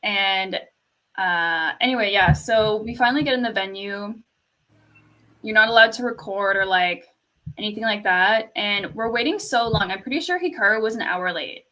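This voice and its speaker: Bright-voiced soft-spoken young woman. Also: mid-range voice, moderate pace, low-quality recording. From Canada. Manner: soft-spoken storyteller, lots of "like" and laughs. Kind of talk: casual chat.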